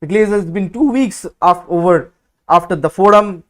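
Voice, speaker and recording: A man hosting a football watch-along, giving live match commentary in an excitable, blunt and outspoken way. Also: high-pitched, moderate pace.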